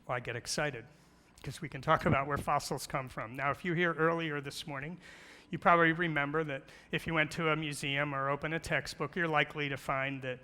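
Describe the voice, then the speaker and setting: A man's voice: on the high side, sharp tone, smooth. A middle-aged man giving a playful church talk, asking questions and telling jokes. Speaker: guest speaker on creation. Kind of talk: church presentation with slides. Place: large church hall. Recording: long hall reverb.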